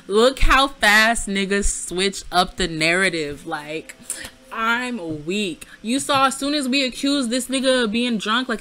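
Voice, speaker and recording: A young woman giving casual, profane commentary over her life-sim game, chatty and frank, and loud and heated when she rants. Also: medium pitch, lively intonation, measured pace. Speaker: Sims let's play creator. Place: home room.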